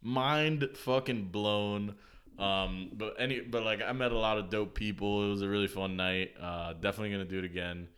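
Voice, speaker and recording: A man's voice: lowish voice, steady tone, normal speed, a bit bright, smooth. A young man telling a story in a casual podcast chat, laughing often, acting out the people he met, in a slangy, profane way.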